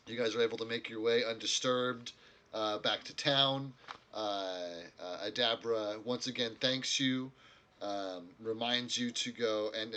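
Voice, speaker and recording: A man's voice: on the low side, pushed and bright. A man narrating as game master in a tabletop game, in a loose, rambling way, searching for words as he goes.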